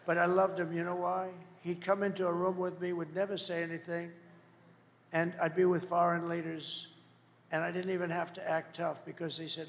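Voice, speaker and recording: A man delivers a campaign rally speech, rambling and repetitive, firing off insults and asides. His voice sits high and gravelly. The sound carries the long reverb of a large venue with faint ambience behind it. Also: flat delivery, normal speed. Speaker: political candidate at a campaign rally.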